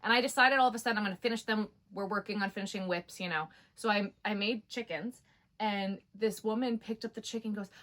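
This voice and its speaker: A woman's voice: medium pitch, fast, a bit bright. A woman hosting a crochet channel, chatting casually about craft fair customers and laughing often. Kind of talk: casual chat.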